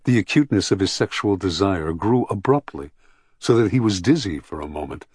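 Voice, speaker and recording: Deep, husky male audiobook narrator. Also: dry recording, studio quality. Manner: measured, even storytelling.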